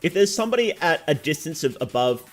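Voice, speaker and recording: A man's voice: on the high side, very animated, fast, faint music behind. A young Australian man with a sore throat chatting casually on a game stream, reading out chat and answering it.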